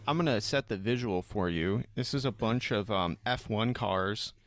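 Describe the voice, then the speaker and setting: A man's voice: lowish voice, normal speed, slight background noise. A man co-hosting a sports podcast, laid-back and hesitant, joking in casual chat. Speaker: podcast co-host.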